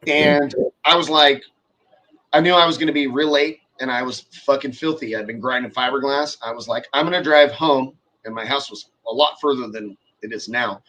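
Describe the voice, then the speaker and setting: A man's voice: medium pitch, normal speed, sharp tone. A man in his forties telling a long workshop story in casual, profane chat, acting out the people he quotes.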